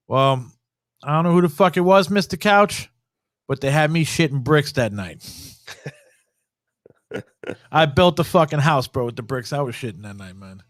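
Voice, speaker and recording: A man's voice: mid-range voice, no echo, clean studio sound. Profane, rambling man telling a ghost story. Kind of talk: casual podcast storytelling. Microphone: podcast studio mic.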